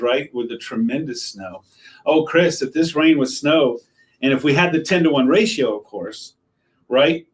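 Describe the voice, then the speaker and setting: A man, a TV meteorologist giving a casual live weather update, chatting and joking with viewers and greeting them by name. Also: a little high. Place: TV station weather set.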